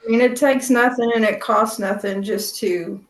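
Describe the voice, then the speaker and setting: A woman, a podcast guest, talking casually in a soft voice and slowing down when she quotes scripture. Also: on the high side, fairly even intonation. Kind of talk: casual conversation. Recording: roomy echo.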